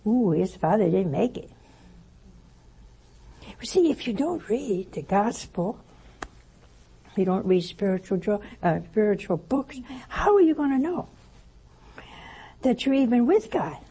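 A woman giving a spiritual talk, telling a story in a lively way and acting out the voices she quotes. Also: mid-range voice, measured pace, long pauses, breathy edge, poor audio. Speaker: religious teacher.

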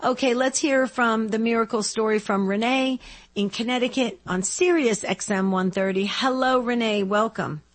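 A woman hosting a Catholic call-in radio show, encouraging and gently probing as she talks with callers. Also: a little high, moderate pace.

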